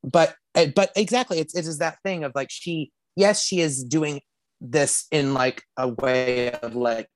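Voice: medium pitch, measured pace, no echo. A podcast co-host in casual chat, speaking thoughtfully and hesitantly, with frequent restarts.

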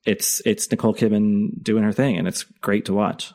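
A man's voice: on the low side, steady tone, a little mellow. A man co-hosting a podcast, chatting casually about a TV episode, full of fillers and restarts. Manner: halting, many fillers and restarts. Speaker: podcast co-host.

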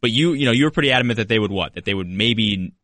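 A man's voice: on the low side, lively intonation, racing, a bit bright, no room sound, clean studio sound. A man co-hosting a sports podcast, skeptically pushing back on the host in casual talk.

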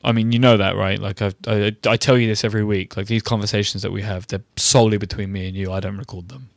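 A man's voice: fairly low pitch, steady tone, fast talker, vocal fry, no room sound, clean studio sound. A man co-hosting a comedy podcast, teasing his partner in a mock-serious way. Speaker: podcast co-host. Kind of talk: comedic banter.

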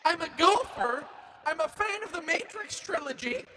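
A man voicing a sassy, touchy male talking fish who rants indignantly and mock-shouts for a comedy podcast. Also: extremely high pitch, expressive, moderate pace. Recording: loud background noise.

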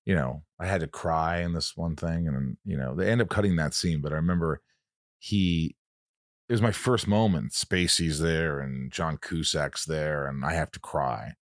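Deep-voiced man telling stories. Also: moderate pace, no room sound, studio quality. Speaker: co-host. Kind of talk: casual chat, reading fan questions.

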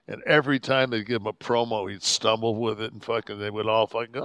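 A man's voice: on the low side, fast, few pauses, clean tone, dry recording. A man in his sixties, a podcast host, telling a rambling, profane road story and acting out the people in it. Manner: profane, rambling, animated quoting of others. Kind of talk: casual storytelling.

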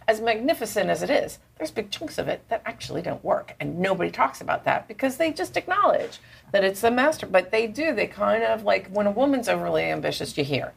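A woman playwright chatting over lunch in a restaurant, telling stories in an animated, self-mocking way. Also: mid-range voice, fairly quick, gravelly, husky. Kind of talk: casual chat over lunch.

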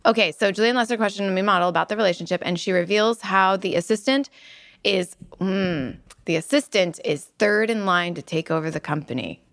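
A woman's voice: medium pitch, a bit bright, dry recording, studio quality. A woman co-hosting a podcast, chatting casually and giggling as she recaps episodes. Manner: giggly, recaps plot briskly. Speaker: podcast co-host. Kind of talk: casual rewatch podcast chat.

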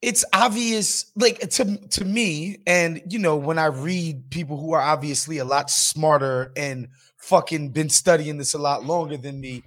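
Guy cohosting a podcast, kinda high voice, swears a lot, gets worked up. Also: unhurried. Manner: animated, profane, emphatic. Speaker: podcast co-host. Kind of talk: casual political chat.

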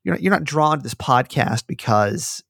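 A man hosting a podcast, telling stories in a rambling, animated casual chat. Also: a little high, normal speed, creaky, husky, no echo, clean studio sound. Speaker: podcast host.

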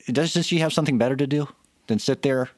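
A man's voice: medium pitch, quick pace, darkish tone, dry recording. A man cohosting a podcast, chatting casually and giving strong opinions with many restarts, into a microphone. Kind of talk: casual chat. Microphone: studio microphone.

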